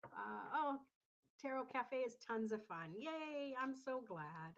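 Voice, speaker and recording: A woman's voice: on the high side, sing-song, takes it slowly. A woman hosting a casual tarot livestream, chatty and encouraging as she talks to viewers in the chat. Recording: slightly dull lo-fi sound.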